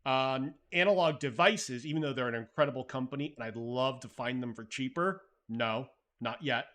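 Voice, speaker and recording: Man, live stream host, casual chatty, thinking out loud, mid pitch. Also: moderate pace. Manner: loose and conversational, thinking aloud, swears casually. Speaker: livestream host. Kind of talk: casual live stream chat reading viewer messages.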